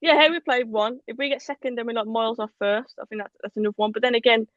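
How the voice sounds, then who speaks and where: A woman co-hosting a casual live football talk show, chatty and animated, reading out viewer comments. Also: fairly high pitch, fast talker, dry recording, highs cut off. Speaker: podcast co-host.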